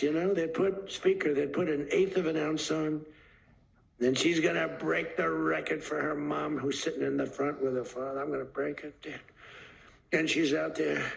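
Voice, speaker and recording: A man's voice: a little high, gravelly, poor audio. A man giving a rambling off-the-cuff speech as president, emphatic and repetitive, acting out stories. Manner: animated storyteller acting out quotes.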